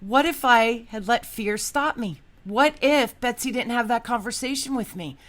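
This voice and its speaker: A woman's voice: a little high, moderate pace, a bit bright. A woman hosting a podcast, chatting casually in an upbeat, storytelling way. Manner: upbeat storyteller, acts out quotes. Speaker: podcast host.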